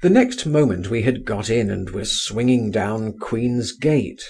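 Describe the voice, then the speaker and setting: A man narrating a story in the first person for an audiobook, in a measured storytelling way. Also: fairly low pitch, lively intonation, darkish tone, breathy edge.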